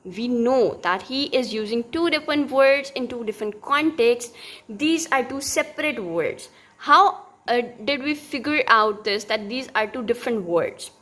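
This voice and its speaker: A woman's voice: on the high side, animated, unhurried, a bit bright. A young woman giving a recorded linguistics lesson, explaining step by step with many fillers and restarts. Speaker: teacher.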